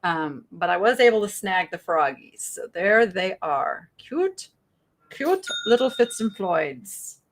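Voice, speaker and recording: Middle-aged female live-sale host, bubbly and chatty, very animated pitch. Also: takes it slowly. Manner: chatty, bubbly, reads viewer chat aloud. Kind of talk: live-stream sales chat.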